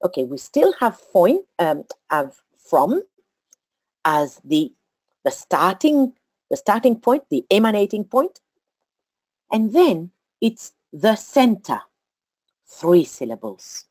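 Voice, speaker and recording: A woman giving a slow, deliberate study talk to a group, counting out syllables as she teaches. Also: mid-range voice, very animated, a little mellow, husky, dry recording.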